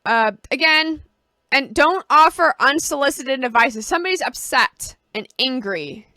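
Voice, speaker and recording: A woman's voice: high-pitched, expressive, moderate pace, pushed and bright, no room sound, clean studio sound. A woman vlogger talking casually to camera, giving personal advice and explaining with homely analogies.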